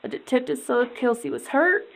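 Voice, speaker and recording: Answering a police interviewer, a distraught, dazed woman speaks in a sing-song way, her high voice thick with gravelly fry. Her answers come in halting, rambling spurts full of repetition, and the audio is poor.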